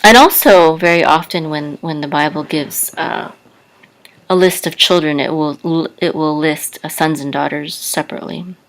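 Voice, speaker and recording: A woman giving a patient language lesson, soft-spoken and careful, stopping often with fillers as she spells out sounds. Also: low-pitched, normal speed, low-quality recording. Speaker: Hebrew teacher.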